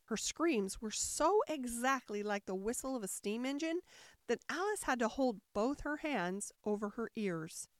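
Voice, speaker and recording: Expressive woman narrator for a storybook; higher voice, very lively, recorded dry and close. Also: unhurried, dry recording. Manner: expressive, shifting into character voices. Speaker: audiobook narrator. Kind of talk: storybook reading.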